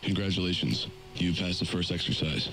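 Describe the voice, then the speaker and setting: A stern official announcer reading out safety warnings in a formal, instructional way. The voice sits low, with a faint hiss behind it. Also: male voice, fairly quick, creaky, fairly bright tone, poor audio. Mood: instructive.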